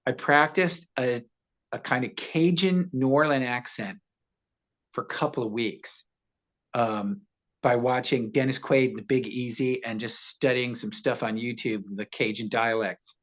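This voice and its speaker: Man, 60s, guest storyteller; animated, laughs a lot, acts out voices; slightly muffled audio. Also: medium pitch, measured pace. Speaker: actor guest. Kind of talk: casual interview storytelling.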